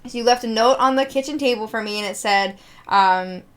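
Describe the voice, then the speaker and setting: A young woman hosting a podcast, telling a story in an animated, laughing, casual way with many fillers. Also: on the high side, a little fast, clear, resonant tone. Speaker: podcast host.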